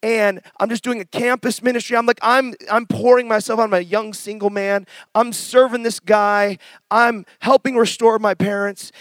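Preaching a testimony sermon, a middle-aged man tells his story passionately with bursts of shouting, then reads scripture slowly and softly. His voice sits high, and there's no echo.

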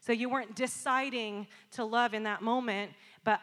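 Bright-voiced woman preaching in a reverberant hall. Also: fairly high pitch, normal speed. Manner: animated storytelling, acts out shouting and quiet apologies. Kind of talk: sermon with personal story.

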